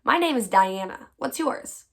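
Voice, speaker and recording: A friendly grown-up woman from a children's story, rueful and good-humoured about her bad day, read by a woman. Her voice stays close to an everyday reading voice, calm and warm. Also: fairly high pitch, measured pace, creaky, voice pushed up. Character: friendly adult woman who lost her job.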